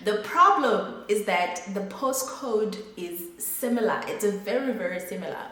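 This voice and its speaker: A woman's voice: medium pitch, lively intonation, measured pace, a bit bright. A young adult woman vlogger telling a story to her viewers in a chatty, exasperated way. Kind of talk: casual storytime. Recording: echoey room.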